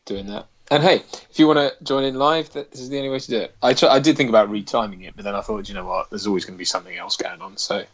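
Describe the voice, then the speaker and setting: A man's voice: mid-range voice, lively intonation, racing, few pauses, dull audio. Man co-hosting, dry laid-back banter, a bit playful. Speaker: stream co-host. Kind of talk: casual live-stream chat.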